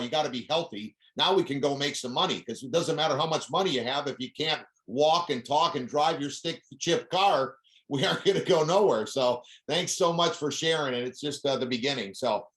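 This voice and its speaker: A man runs an online team meeting in an upbeat, encouraging way and passes the floor from one speaker to the next. His voice is mid-pitched and plain. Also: a little fast, fairly bright tone. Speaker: meeting host.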